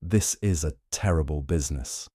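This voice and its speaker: A man voicing a charming, restless antiquities dealer with a smooth Italian accent. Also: a bass voice, moderate pace, warm tone, dry recording, studio quality.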